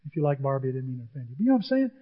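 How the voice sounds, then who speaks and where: A man telling a humorous story to an audience in an animated, chatty way, often repeating himself. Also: medium pitch, rapid-fire. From grew up on a farm. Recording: dull, with long hall reverb.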